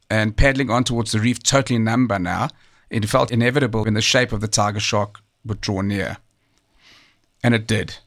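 A man narrating a documentary story in a measured, conversational way, with occasional fillers and restarts. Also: fairly low pitch, a bit bright. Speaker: storyteller recounting a true survival tale. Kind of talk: documentary narration, partly off the cuff.

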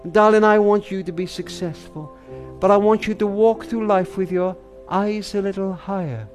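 An older man, a grandfather and author, tells a story and reflects in a tender, intimate, sermon-like way, slowing down for emphasis. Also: sits high, soft background music.

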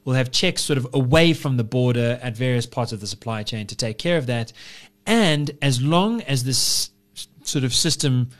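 Male podcast co-host, mid-pitched, discursive and philosophical, long winding arguments. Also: animated, moderate pace. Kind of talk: casual political chat.

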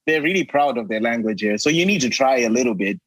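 Husky male musician guest, playful banter, dry close mic. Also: medium pitch, lively intonation, fairly bright tone, no room sound, poor audio. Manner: laughs often, playful, quick to deny teasing. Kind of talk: casual chat.

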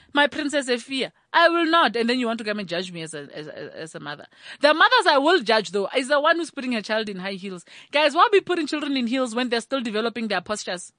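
A South African woman, a mother of several children, doing a sassy, animated comic rant full of rhetorical asides. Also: high-pitched, no echo, clean studio sound.

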